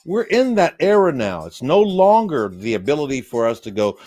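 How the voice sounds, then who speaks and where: A man's voice: medium pitch, sing-song, normal speed, few pauses, a little mellow. A man from the United States hosting a loose, rambling, folksy livestream monologue while drinking beer. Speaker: livestream host.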